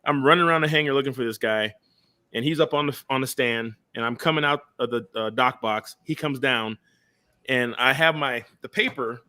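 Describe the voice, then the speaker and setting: A young man hosting a casual chat, telling stories in an animated way, laughing and swearing often. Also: medium pitch, moderate pace. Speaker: podcast host.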